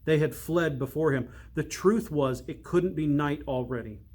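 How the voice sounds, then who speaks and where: A priest reading a storybook aloud, slow and measured, dropping to a hush for suspense. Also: male voice, fairly high pitch.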